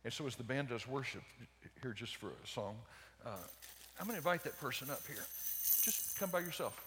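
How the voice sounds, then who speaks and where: An older man preaching an evangelistic sermon, telling stories fervently and swinging from loud urgent peaks to hushed lows. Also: lively intonation, fairly quick, slight background noise. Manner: storytelling with many repeated words. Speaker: speaker. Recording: long reverb in a large hall.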